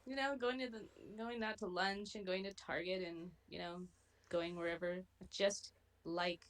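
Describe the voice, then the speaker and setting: A middle-aged woman speaking warmly to her daughter as a podcast guest, gentle and affectionate with many fillers. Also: on the low side, fairly even intonation, moderate pace, poor audio. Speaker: guest, host's mother. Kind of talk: casual conversation.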